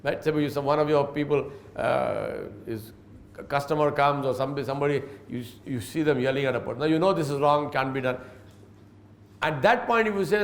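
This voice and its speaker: A man's voice: a little high, brisk. A man giving a religious lecture as an Islamic scholar, earnest and storytelling, chuckling as he recounts anecdotes. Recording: roomy echo.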